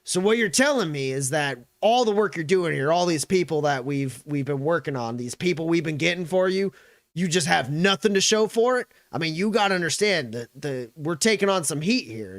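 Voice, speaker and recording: A man's voice: fairly high pitch, expressive, a little fast, dry recording, voice pushed up. A man voicing a stern, threatening male colonel who barks orders and threats in a raised, commanding voice. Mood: menacing. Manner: loud, commanding, menacing.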